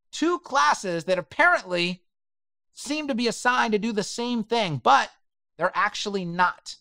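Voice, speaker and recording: A man's voice: high-pitched, a bit bright, no echo, clean studio sound. A man giving a chatty, emphatic screen-share web design tutorial and speaking straight to his viewers.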